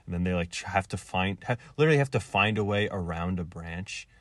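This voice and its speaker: A man's voice: deep voice, expressive, a little fast, a bit bright, dry recording. A man casually recapping and reviewing an episode, rambling with lots of filler words. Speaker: video reviewer.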